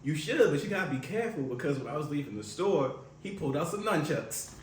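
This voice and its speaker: Man doing a drawling country gossip, higher voice, noisy echo. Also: very animated, fast talker, far from the mic. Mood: gossipy. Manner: exaggerated country drawl, storytelling. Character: folksy country old man Marvin, gossipy. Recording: echoey room, noisy.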